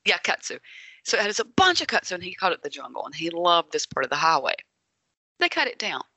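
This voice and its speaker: Lady in her 30s co-hosting a chat, teasing and playful, lively voice that jumps around. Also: on the low side, quick pace, no room sound. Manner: playful and teasing, laughs often. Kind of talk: casual chat.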